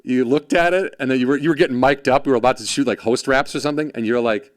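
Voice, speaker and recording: A man hosting a casual podcast interview, telling animated stories and acting out the voices of people he quotes. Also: mid-range voice, fast, no echo, studio quality. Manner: animated storyteller, acts out quoted voices, laughs often. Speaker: podcast host.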